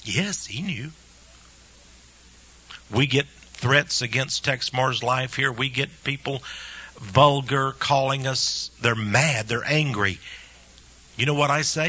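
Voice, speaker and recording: A man preaching an impassioned sermon, firing rhetorical questions and dropping from loud peaks to hushed asides. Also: medium pitch, takes it slowly, long pauses, slightly rough. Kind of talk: fiery sermon.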